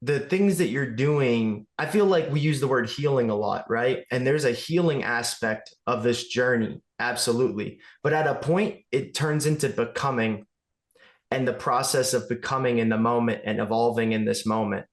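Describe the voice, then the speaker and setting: A man's voice: mid-range voice, moderate pace, roomy sound. A man talking earnestly as a podcast guest, thinking aloud about personal growth. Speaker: guest, movement studio owner. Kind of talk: casual conversation.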